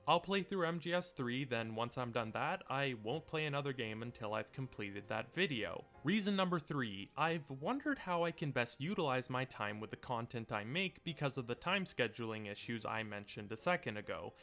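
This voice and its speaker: Young male host, mid-pitched, earnest measured voice-over from a home mic. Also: a bit bright. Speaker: video essay host. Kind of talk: scripted voice-over narration. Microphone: home mic setup.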